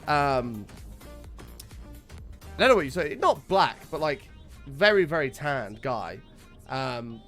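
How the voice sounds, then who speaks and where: A man's voice: on the high side, a bit bright. A man chatting casually to his stream audience, telling a rambling story with a lot of swearing. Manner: rambling anecdote, frequent swearing.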